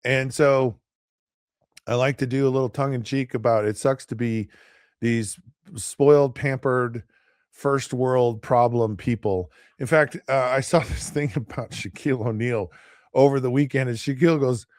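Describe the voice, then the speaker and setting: A man's voice: medium pitch, steady tone, normal speed, darkish tone, no room sound, studio quality. A middle-aged man hosting a casual sports talk show, rambling and sarcastic, with lots of fillers and restarts. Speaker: host.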